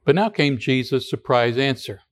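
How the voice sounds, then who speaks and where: A man's voice: medium pitch, moderate pace. A man giving a radio sermon as pastor, talking in a conversational way with rhetorical questions and frequent restarts.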